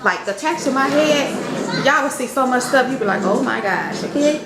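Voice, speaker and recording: Her high-pitched, brisk voice competes with a loud crowd and heavy background noise as this young stay-at-home mom vlogs from her kitchen. She chats directly to viewers, often saying "y'all," in an echoey space with loud background music.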